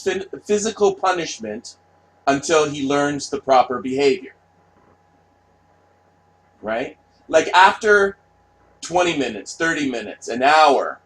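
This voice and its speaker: A man delivers a blunt, heavily profane rant straight to his audience. He circles back on words, stumbles through restarts and punctuates his points with "right?" His voice sits at a middling pitch. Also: rough recording. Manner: profane, blunt, repetitive, asks "right?" often. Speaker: vlogger. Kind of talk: ranting monologue.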